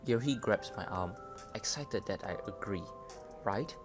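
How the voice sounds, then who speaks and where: A man's voice: fairly low pitch, expressive, measured pace. A man casually reading a dating game aloud, stumbling over words now and then. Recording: voice over loud game music. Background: game music.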